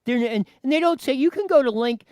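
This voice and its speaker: Animated high-voiced male news host. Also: brisk, no room sound. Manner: animated, talks to his producer, many restarts. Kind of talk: commentary on a news clip.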